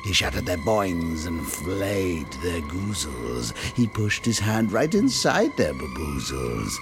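Deep, animated male storyteller. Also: slow, over music. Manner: theatrical, dramatic. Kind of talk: rhyming horror-comedy narration.

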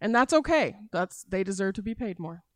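A woman's voice: mid-range voice, animated, fairly quick, dry recording. A woman guest on a podcast, chatting casually and agreeably, with many yeahs and ums. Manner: agreeable, frequent yeahs and ums, listing examples. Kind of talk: casual chat.

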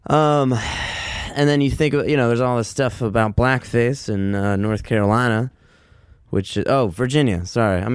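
Man, solo podcast host, rambling casual monologue, swears a lot, smooth low voice, dry close sound. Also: no echo. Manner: rambling, frequent profanity and filler words; loose, self-mocking, lively swings in pitch.

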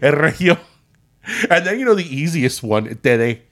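A man's voice: mid-range voice, big pitch swings, fairly quick, a bit bright. A man, co-hosting a podcast and telling a story in casual chat, slipping into Spanish phrases. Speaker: podcast co-host.

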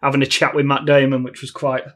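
A man's voice: medium pitch, level tone, quick pace, a bit bright. A man co-hosting a podcast, giving a wry, dry-humoured film verdict in casual chat. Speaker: podcast co-host.

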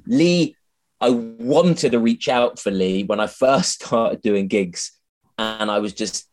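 A man's voice: mid-range voice, slow, darkish tone. A man, a comedian being interviewed on a podcast, chatty and self-mocking, swearing freely and often restarting his sentences. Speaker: comedian guest.

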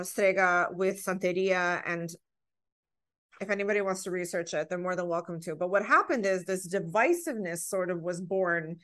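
A woman's voice: medium pitch, fairly bright tone. Earnest woman telling heartfelt stories. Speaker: podcast guest. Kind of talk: casual podcast conversation.

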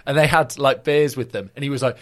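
Speaking fast in a mid-range voice, this young guest, a football video presenter, tells stories animatedly during a casual interview. His talk is filler-heavy, and he performs the voices of the people he quotes.

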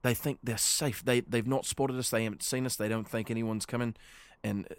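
A man's voice: mid-range voice, fairly even intonation, clear, resonant tone, no echo, lightly acted. A man voicing a breathless, anxious young male scout who stammers and pants as he talks. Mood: urgent. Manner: stammering, panting, hurried.

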